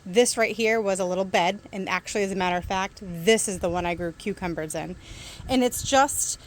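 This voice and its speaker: A woman chatting casually and excitedly while showing her backyard garden plants outdoors. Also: medium pitch, brisk. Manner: chatty and excitable, laughs easily. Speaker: gardening vlogger.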